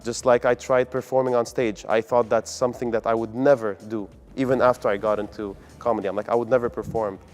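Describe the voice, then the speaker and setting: A man's voice: medium pitch, steady tone, fairly quick, few pauses, a little mellow. A man from the UAE, a comedian answering interview questions in an upbeat, earnest way. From United Arab Emirates. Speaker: comedian and guest.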